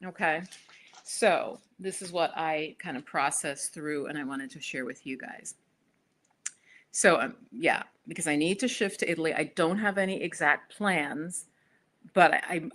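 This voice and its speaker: Low-voiced chatty American woman. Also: unhurried, a bit bright. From United States. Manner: chatty, rambling, many restarts and fillers. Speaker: spiritual YouTuber. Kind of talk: casual livestream chat.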